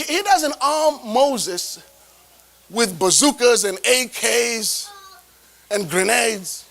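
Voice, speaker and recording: A man's voice: very high-pitched, creaky, pushed and bright, low-quality recording. A man preaching a sermon as a bishop, emphatic, tossing rhetorical questions at the congregation.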